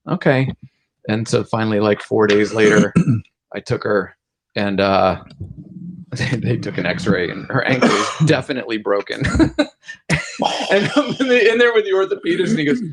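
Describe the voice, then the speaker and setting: A man's voice: mid-range voice, animated, moderate pace, pauses often, slight background noise. Middle-aged male doctor, podcast co-host, loose storyteller who keeps laughing. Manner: laughs often while telling stories. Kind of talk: casual podcast chat.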